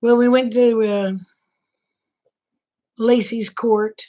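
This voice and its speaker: A middle-aged woman with an Oklahoma accent, hosting a casual late-night livestream chat and talking to viewers by name, her throat a bit rough. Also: a little high, slow pace. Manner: relaxed, folksy, talks to viewers by name. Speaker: livestream host chatting with viewers.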